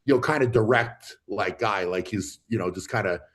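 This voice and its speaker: Halting, laid-back male guest. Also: on the low side. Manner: relaxed, halting with many fillers and restarts. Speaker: guest athlete. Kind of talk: casual livestream chat.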